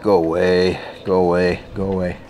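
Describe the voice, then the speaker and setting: A man's voice: low voice, little pitch movement, normal speed, noisy background. A young man giving profane, exasperated, sarcastic gameplay commentary, his voice cracking. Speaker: let's play gamer. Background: game music.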